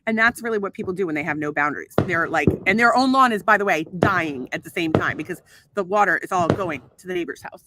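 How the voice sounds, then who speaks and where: A woman's voice: on the low side, quick pace, very noisy. A woman co-hosting a casual podcast, talking with lots of swearing and filler ums in an exasperated way. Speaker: podcast co-host. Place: outdoors at a home pool.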